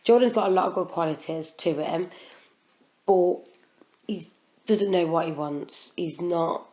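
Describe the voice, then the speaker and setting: A British woman co-hosts a podcast, chatting casually about a reunion she took part in. Her voice sits a little low, and she talks in a gossipy way with frequent laughter. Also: measured pace, mellow. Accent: British English. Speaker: podcast co-host. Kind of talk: casual chat.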